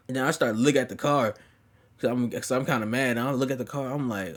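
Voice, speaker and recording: A man's voice: medium pitch, fairly even intonation, fast talker. Young guy, storyteller, slang-heavy, swears freely, easygoing ramble. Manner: slangy, profane, laid-back rambling. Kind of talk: casual storytime.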